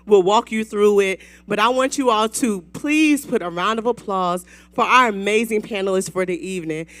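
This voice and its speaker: Bright, lively woman hosting a church gathering. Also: mid-range voice, normal speed, no room sound. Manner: animated, hypes the crowd with whoops. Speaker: Bible study host. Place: event hall with live audience.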